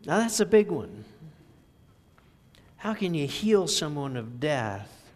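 Slow-speaking preacher in a reverberant church. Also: male voice, on the high side, sing-song. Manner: slow, measured storytelling with scripture reading. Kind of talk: sermon. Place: church sanctuary.

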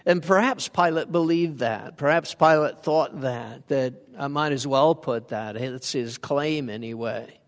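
A man's voice: mid-range voice, a little slow, few pauses, long reverb tail. A man preaching a sermon in a conversational way, asking his congregation questions as he goes. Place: church sanctuary.

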